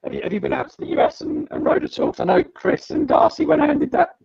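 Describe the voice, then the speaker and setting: A man hosting a casual podcast over a video call, halting and repeating himself as he sorts out technical trouble. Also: very high-pitched, very animated, creaky, a little mellow, no room sound. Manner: halting, repeats words while sorting out tech problems. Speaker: podcast host. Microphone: computer mic on a video call. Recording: dull, crackly lo-fi call audio.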